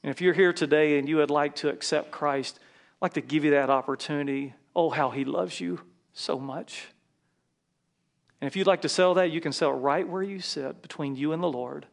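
A man's voice: a little high, moderate pace, vocal fry. A man preaching a sermon as a pastor in a church, leading his congregation in call-and-response and prayer.

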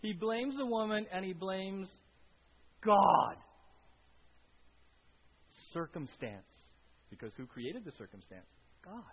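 A male pastor giving a conversational sermon with an animated delivery, often checking in with the congregation by asking "right?". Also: high voice, takes it slowly, pauses often. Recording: dull lo-fi recording with faint hiss.

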